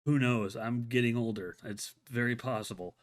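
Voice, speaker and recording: A man's voice: mid-range voice, moderate pace. A man hosting a solo live-stream show, chatting casually and enthusiastically, rambling with many restarts and filler words.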